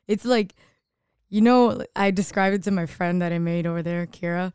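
A woman co-hosting a casual podcast, giggly and animated as she tells stories. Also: fairly low pitch, moderate pace, clean tone, dry recording, studio quality.

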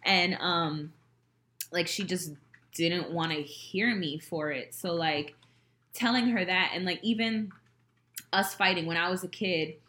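Candid, profane woman co-host with a bright, forceful tone, recorded in a roomy space. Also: lowish voice, measured pace. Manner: animated, profane storytelling. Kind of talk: candid casual chat.

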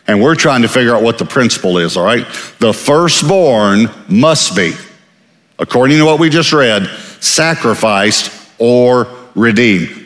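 A man from Texas preaches an emphatic, conversational sermon and often repeats words for stress. His voice sits in a middle pitch range. The sound carries the long reverb of a large church hall. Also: fairly bright tone. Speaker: pastor.

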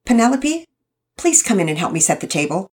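A woman voicing a polite mother who turns sharp and firm with her daughter. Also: medium pitch, sing-song, a little fast, voice pushed up, close to an everyday voice.

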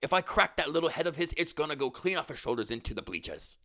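A man's voice: fairly high pitch, very animated, quick pace, bright, forceful tone, pitched above the performer's own voice. A man reading out the boasts of a cocky male fighter, doing the lines in his own voice without an accent. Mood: boastful.

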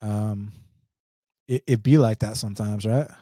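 A man's voice: lowish voice, fairly even intonation, measured pace, dark tone, no echo, clean studio sound. Blunt slangy Atlanta man streaming. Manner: blunt, slangy, laughs often. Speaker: MMA betting livestream host. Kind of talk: casual livestream chat reading viewer comments.

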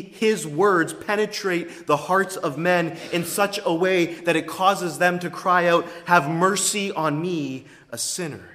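A man preaching a sermon in an emphatic, deliberate way, his loudness rising and falling widely, in a church sanctuary. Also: a little high. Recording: long reverb of a large hall.

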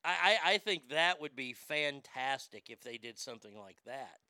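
Gravelly, bright-voiced male host ranting. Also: mid-range voice, expressive, normal speed, no room sound, clean studio sound. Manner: profane, stammers on repeated words. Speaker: sports show host. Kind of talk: ranting monologue.

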